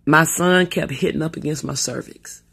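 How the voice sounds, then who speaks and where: A middle-aged woman with a low, gravelly, slightly rough voice speaks at normal speed. She tells family stories in a rambling, profane, casual monologue, breaking into animated asides.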